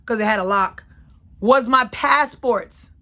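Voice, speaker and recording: A woman's voice: fairly high pitch, slow, bright, forceful tone. A woman in her thirties hosting her own channel, telling a personal story in a casual, emphatic way and repeating phrases for effect. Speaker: channel host.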